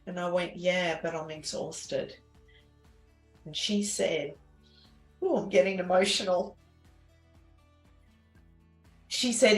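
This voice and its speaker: A woman telling her personal story as an interview guest, earnest and halting, with many restarts and fillers. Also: fairly low pitch, steady tone. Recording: echoey room with faint music.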